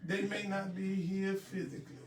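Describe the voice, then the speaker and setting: A male radio host talks in a folksy, casual way with a gravelly edge to his voice. A loud music bed runs under his talk. The roomy mic sits some distance from him. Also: sits high, level tone, normal speed. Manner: backchannels a lot, laughs, folksy.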